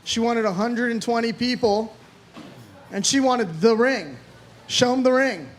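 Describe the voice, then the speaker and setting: A man's voice: very high voice, a little slow. A man in his thirties from Florida doing a rambling, self-deprecating stand-up set, swearing freely. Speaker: stand-up comedian.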